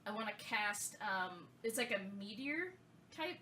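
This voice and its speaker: A woman's voice: medium pitch, animated, a little slow, bright, forceful tone, distant mic, slight background noise. A woman co-hosting a casual gaming podcast, telling a long story with many fillers and restarts. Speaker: podcast co-host.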